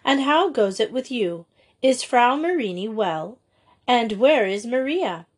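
A woman's voice: fairly high pitch, animated, a little slow, a little mellow, breathy edge. A woman voicing a courteous, formal middle-aged Austrian father in a storybook reading. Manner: polite, formal.

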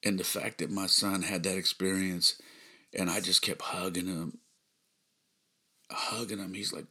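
A man hosting a podcast, earnestly telling a personal story, emotional and close to tears, often dropping to a hushed near-whisper. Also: deep voice, level tone, measured pace, pauses often. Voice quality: gravelly, husky. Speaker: podcast host.

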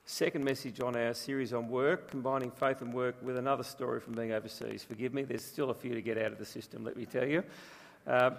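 A pastor preaches a sermon through chatty, humorous storytelling. His medium-pitched voice has vocal fry, and a long reverb from a large room hangs over the recording.

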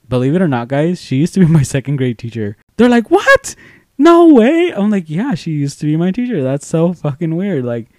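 A young man co-hosting a podcast, telling a story in casual chat, animated and swearing freely as he acts out quoted voices. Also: medium pitch, no room sound, clean studio sound. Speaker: podcast co-host.

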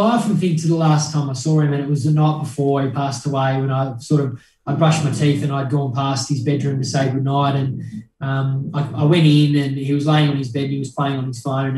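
A man's voice: mid-range voice, a little mellow. A young man, a guest in an interview, speaking earnestly and reflectively with many ums and restarts. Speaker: guest, mental health charity founder. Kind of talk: conversational interview. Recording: roomy echo, mic at a distance.

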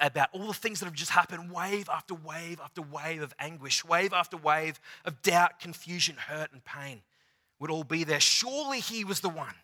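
Male preacher, bright ringing tone, theatrical sermon delivery that drops to near-whispers. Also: a little high. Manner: dramatic, swings from loud to hushed, retells scenes in acted voices.

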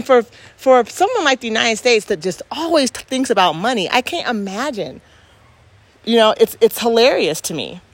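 A woman's voice: fairly low pitch, fairly bright tone. A woman in casual reflective talk, speaking earnestly and emphatically and restarting her sentences as she thinks aloud.

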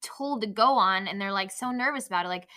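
A woman's voice: mid-range voice, fairly quick, pushed and bright. A young woman in casual chat about an event, rambling with many fillers and restarts. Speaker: event panelist.

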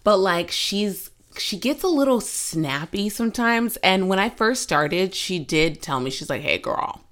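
A woman in her twenties hosting a casual podcast, telling stories in an animated, giggly way with sudden loud outbursts. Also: mid-range voice, unhurried, hardly any pauses. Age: 20s. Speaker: podcast host. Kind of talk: casual chat.

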